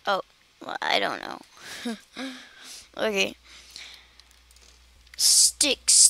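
A woman's voice: medium pitch, drawn-out words, vocal fry, long pauses, sharp tone. A woman giving casual, rambling commentary while playing a game, chatty and giggly. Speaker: gaming channel host.

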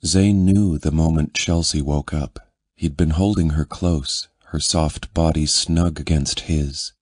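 A man narrating a romance audiobook in a measured, intimate reading. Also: rumbling low, fairly even intonation, a little mellow, breathy edge, no echo, studio quality.

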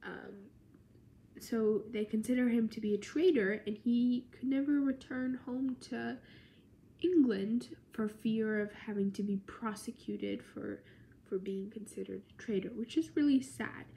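Young woman, tired student presenter, slow unhurried delivery, casual and filler-heavy. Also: fairly high pitch, creaky, dark tone, a little hiss or hum. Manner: chatty, lots of "like" and "um" fillers. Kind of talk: casual history explainer.

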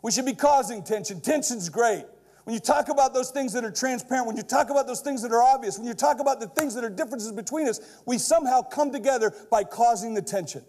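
A middle-aged man giving a brash, punchy keynote to a live audience, building to loud shouted punchlines and checking in with "okay?". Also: very high-pitched, fast. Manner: keeps checking in with the crowd with "okay?". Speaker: keynote speaker. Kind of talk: energetic stage keynote. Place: large lecture hall before a live audience.

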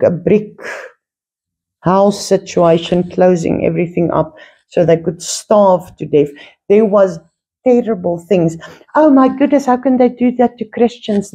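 A woman giving an informal Bible teaching, earnest and animated, telling stories and laughing at times. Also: lowish voice, creaky, breathy edge.

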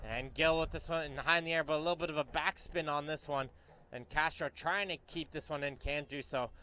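A man giving live play-by-play commentary on a youth soccer match, brisk and correcting himself on names as play moves. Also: fairly high pitch, steady tone, sharp tone.

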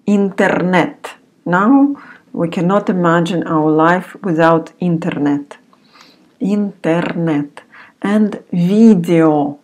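A woman teacher speaks at a very unhurried pace in a lowish voice. She says each word carefully, then repeats it several times so beginners can follow. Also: darkish tone. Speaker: language teacher. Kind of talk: recorded beginner lesson.

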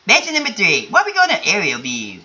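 A woman's voice: mid-range voice, huge pitch swings, quick pace, pushed and bright. Casual swearing woman on a lo-fi mic. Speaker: let's-play host. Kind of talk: casual gameplay commentary.

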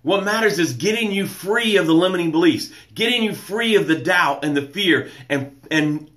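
A man hosting a live motivational show, energetic, greeting viewers by name and reading their comments aloud. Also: moderate pace. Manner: drops soft and low to read quotes and breathing cues. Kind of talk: live-stream motivational talk.

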